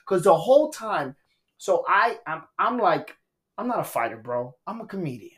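A man's voice: high-pitched, moderate pace. A man, a stand-up comedian, telling a story on a podcast in a casual, profane way and acting out quotes. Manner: animated, profane, acts out quotes.

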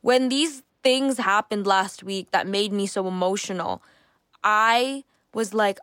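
A woman's voice: medium pitch, slow pace, fairly bright tone, dry recording, studio quality. A woman in her twenties hosting a solo podcast, talking candidly and reflectively, often restarting her thoughts. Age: 20s. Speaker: podcast host. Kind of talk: casual solo podcast monologue.

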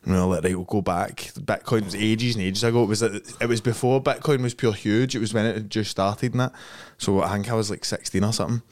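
Low-voiced Scottish man, crude banter. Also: fast talker, hardly any pauses, no echo. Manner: blunt, crude storytelling with laughs. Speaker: podcast host. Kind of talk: casual podcast chat.

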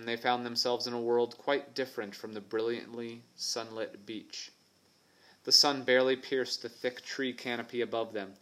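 A man reading a children's adventure aloud, his voice in a middle register and his delivery steady and even. He tells the story plainly, letting the scenes carry it. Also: mid-range voice, low-quality recording. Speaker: audiobook narrator. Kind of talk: scripted narration.

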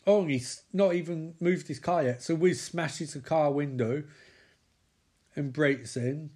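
A man recapping a TV episode with sarcastic, sweary, excitable commentary. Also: fairly high pitch, unhurried. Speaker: comedic TV recapper.

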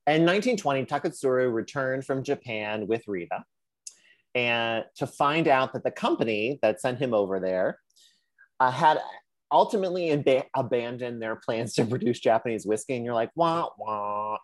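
Animated man on a dry mic. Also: medium pitch, normal speed, no echo. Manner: animated, swears, puts on sassy voices for quotes. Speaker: podcast co-host. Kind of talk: casual podcast chat.

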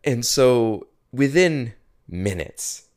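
A man's voice: mid-range voice, lively intonation, very slow, a little mellow. A man co-hosting a casual podcast, retelling a story with swearing and acted-out quotes. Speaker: podcast co-host.

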